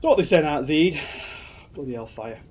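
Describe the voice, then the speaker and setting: A streamer with a Yorkshire accent and a fairly high voice chats through his gameplay. He jokes, swears mildly and grumbles at the screen as he plays. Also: lively intonation, moderate pace, darkish tone. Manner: jokey, chatty, swears mildly and mutters to the screen. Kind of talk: casual gameplay commentary.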